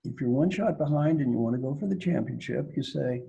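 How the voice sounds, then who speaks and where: A man's voice: medium pitch, a little fast, vocal fry, slightly rough, muffled recording. A man coaching leaders in an online Q&A, acting out characters as he tells stories. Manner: animated storyteller, acts out characters. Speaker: executive coach. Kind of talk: storytelling Q&A talk.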